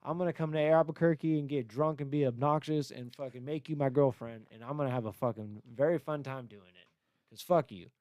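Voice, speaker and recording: A man's voice: medium pitch, brisk, darkish tone, no room sound. A young man hosting a podcast, ranting about a rival with constant swearing and mocking put-on voices. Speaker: podcast host and battle rapper. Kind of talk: profane, ranting podcast talk.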